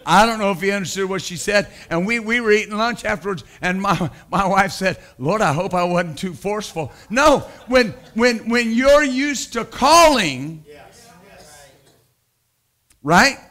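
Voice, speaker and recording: A middle-aged male pastor preaching with a high, bright, forceful voice. He pushes hard on key points, then drops into quiet, casual asides and stories. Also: lively intonation, measured pace. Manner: emphatic preaching, swings from loud to quiet storytelling. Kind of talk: sermon.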